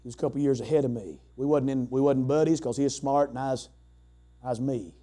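A middle-aged man preaching a sermon, moving between shouted preaching and quiet storytelling, with frequent "uh" fillers. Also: medium pitch, fairly even intonation, quick pace. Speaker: pastor.

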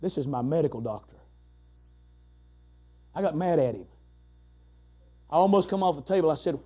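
A middle-aged man preaching a sermon, moving between shouted preaching and quiet storytelling, with frequent "uh" fillers. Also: fairly high pitch, fast talker, long pauses. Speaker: pastor.

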